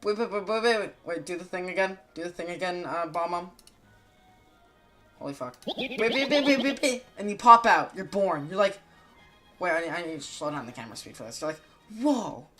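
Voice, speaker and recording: A woman giving casual gaming commentary, excitable, jokey and swearing a lot. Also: fairly low pitch, fairly quick, soft background music. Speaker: gaming video creator.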